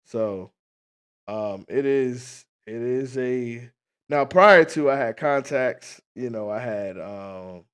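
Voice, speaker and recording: A man's voice: medium pitch, slow pace, smooth. A man hosting a livestream, telling a casual, profane story to his chat and acting out the scenes as he goes. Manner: animated, profane storyteller who acts out scenes. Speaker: livestream host.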